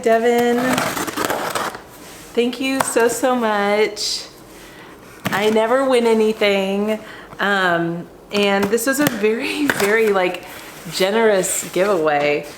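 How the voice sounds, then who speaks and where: A woman's voice: medium pitch, background noise. A woman handbag vlogger doing an unboxing vlog, gushing and effusive, with lots of ums. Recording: roomy echo.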